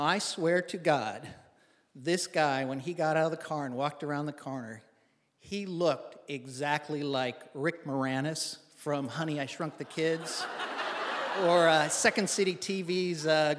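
A man's voice: on the high side, fairly bright tone, in a large hall. A man telling a personal story to an audience in a wry, conversational, self-deprecating way.

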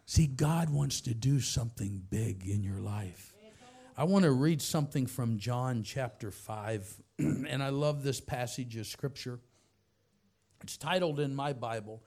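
An older man preaching a sermon full of stories, dropping soft and low, then rising into loud, high exclamations. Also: measured pace. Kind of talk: sermon with storytelling.

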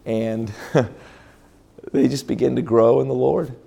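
A man's voice: mid-range voice, little pitch movement, slow pace, vocal fry, dark tone, highs cut off. Storytelling male pastor preaching. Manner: storytelling with frequent restarts and fillers. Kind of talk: sermon testimony. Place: church conference hall.

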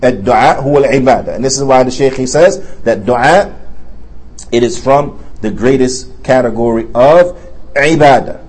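A man teaching a religious class in a mosque, at a mid pitch. He reads Arabic passages, then explains them in English with earnest emphasis, pausing on fillers and restarting phrases. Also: darkish tone, rough recording. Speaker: Islamic studies teacher. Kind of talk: religious class, reading Arabic text and translating.

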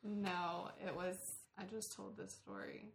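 A woman's voice: mid-range voice, steady tone, unhurried, gravelly. A woman of about eighteen, a guest in a casual podcast chat, sheepish and mumbling, sitting furthest from the mic. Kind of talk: casual chat among friends. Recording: roomy echo, off mic.

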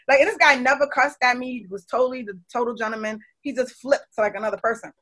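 Woman, forties, talk show host, casual storytelling, animated, fairly high, bright forceful voice. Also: quick pace, husky. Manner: animated, laughs often, acts out quotes.

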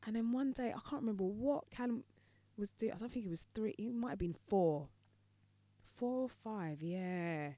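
A woman's voice: medium pitch, normal speed, no echo. A woman co-hosting a casual podcast chat, telling stories animatedly and acting out voices. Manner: animated storyteller, acts out voices. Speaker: podcast co-host.

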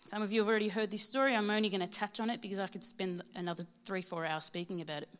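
A woman in her thirties with an Australian accent, giving a prepared personal testimony at church in a heartfelt, measured way. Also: mid-range voice, steady tone. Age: 30s.

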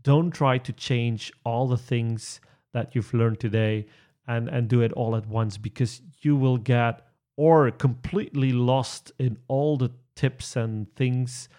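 A man's voice: medium pitch, steady tone, slow, warm tone. Chatty male trainer, frequent restarts. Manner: hesitant, many restarts and fillers, chuckles often. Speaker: presentation trainer. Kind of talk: conversational podcast chat.

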